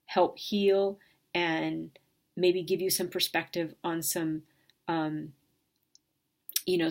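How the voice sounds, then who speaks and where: Woman with a lowish voice, speaking earnestly and a bit emotionally, lots of pauses. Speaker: speaker sharing a personal reflection. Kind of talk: personal reflective monologue.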